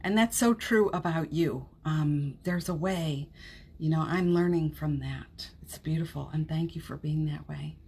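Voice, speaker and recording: A woman hosting a live-streamed motivational podcast from home, chatting warmly, laughing often and reading viewer comments aloud. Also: deep voice, measured pace, breathy edge. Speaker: podcast host. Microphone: streaming setup at home.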